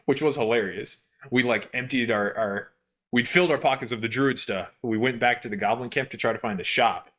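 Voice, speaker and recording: A young man co-hosting a podcast who tells gaming stories in a rambling, animated way with lots of fillers. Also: medium pitch, fairly quick. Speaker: podcast co-host. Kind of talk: casual chat, storytelling.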